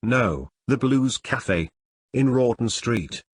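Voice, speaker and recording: A man's voice: medium pitch, big pitch swings, measured pace, fairly bright tone, slightly rough, dry recording, exaggerated voice. A man reading a casual young man. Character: young man arranging to meet a friend.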